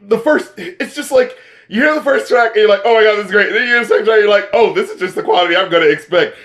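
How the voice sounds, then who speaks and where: A man co-hosting a casual album review, excitable and profane, laughing often. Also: high voice, fast. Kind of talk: casual chat.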